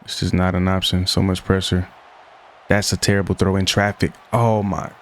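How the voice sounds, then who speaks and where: A man's voice: low-pitched, flat delivery, moderate pace, slight background noise. A young man giving casual commentary over a football video game, often frustrated and venting as he plays. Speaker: gaming YouTuber.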